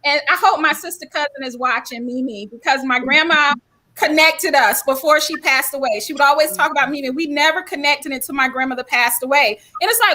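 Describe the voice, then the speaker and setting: A middle-aged woman from South Carolina tells stories on a panel talk. Her voice sits high and bright. She talks in a folksy, animated way and acts out quoted people in their own voices. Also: brisk. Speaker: guest speaker.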